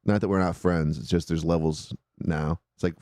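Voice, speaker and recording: A man hosting a comedy call-in show, swearing and laughing as he rants in high bursts. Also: fairly even intonation, moderate pace, darkish tone, dry recording. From Mexico. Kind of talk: loose, profane comedy banter.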